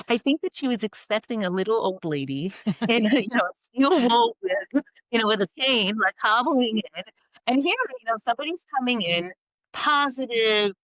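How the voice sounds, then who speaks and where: A middle-aged woman guest telling stories in an interview, animated and quick to laugh, with many you-knows. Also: mid-range voice, no echo, rough recording. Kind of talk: conversational storytelling interview.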